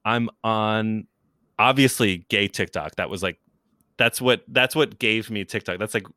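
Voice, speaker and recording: A man's voice: lowish voice, unhurried, no room sound. Give me a young man from New York, a comic video creator, talking casually as a guest on a dry, close mic. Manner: chatty and animated, many "like" fillers and restarts, laughs often. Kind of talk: casual interview chat.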